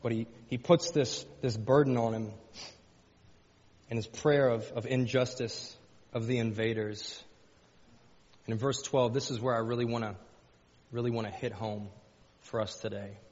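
A man's voice: medium pitch, steady tone, moderate pace, long pauses, darkish tone, slightly rough. A man preaching a sermon as pastor, folksy, repeating phrases and rising into fervent pleading. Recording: dull lo-fi sound with long hall reverb.

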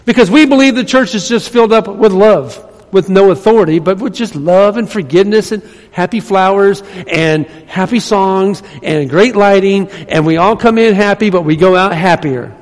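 A man's voice: high-pitched, moderate pace. A male pastor giving a conversational sermon in a church that builds to emphatic points. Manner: conversational preaching, rising to emphatic. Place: church sanctuary. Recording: long reverb of a church hall.

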